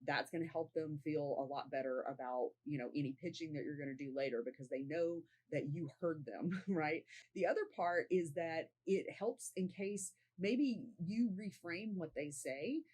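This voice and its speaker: A woman's voice: sits low, moderate pace, hardly any pauses, darkish tone, slightly rough, rough recording. A woman sales coach giving a casual tutorial to camera, talking conversationally and often checking in with "right?".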